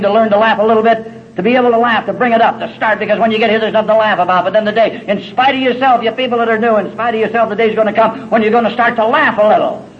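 A middle-aged man speaking at a recovery meeting, telling his story in a folksy, salty way with wry humor. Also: high-pitched. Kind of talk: personal testimony talk. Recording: dull lo-fi recording with faint hiss.

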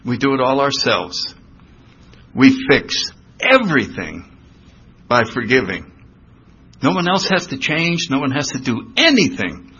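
An older man telling his recovery story in a personal talk, animated, acting out the voices of the people he describes. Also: mid-range voice, unhurried, long pauses, slightly rough. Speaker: recovery speaker. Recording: dull lo-fi recording.

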